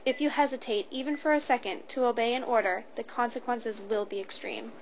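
A frightened young captive speaks in a stuttering, tearful voice, put on by a woman reading the story. The voice sits fairly high, and a faint hum of the room lies behind it. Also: fairly even intonation, fairly quick, close to an everyday voice, low-quality recording. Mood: frightened, resigned.

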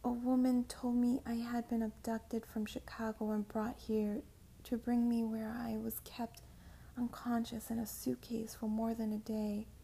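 A woman voicing a shaken young woman who reads a message quickly and unsteadily, in a whispered role-play. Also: a little high, level tone, creaky, dark tone, husky, full character voice. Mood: shaky. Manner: hurried, shaky, whispered like reading a script.

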